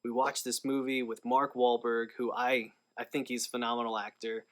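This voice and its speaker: A man's voice: mid-range voice, flat delivery, moderate pace, a bit bright. A man talking casually to camera in a movie review vlog, rambling with lots of fillers and restarts.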